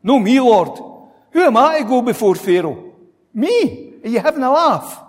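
A man's voice: very animated, normal speed. A man preacher voicing a fearful, reluctant male prophet who protests that he is not up to the task. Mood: pleading. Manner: protesting, higher and pleading. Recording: long hall reverb.

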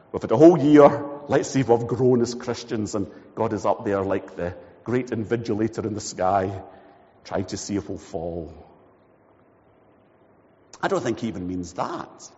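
Preacher in a reverberant hall. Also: male voice, fairly low pitch, lively intonation, normal speed, long pauses, darkish tone. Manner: storytelling, acting out each character's voice. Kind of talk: sermon. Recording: dull recording with long hall reverb.

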